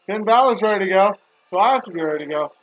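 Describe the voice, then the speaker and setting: High-voiced man griping through a watch-along. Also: expressive, very fast, fairly bright tone, faint music behind. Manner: opinionated, griping about the booking. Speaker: live stream host. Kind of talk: casual live watch-along commentary.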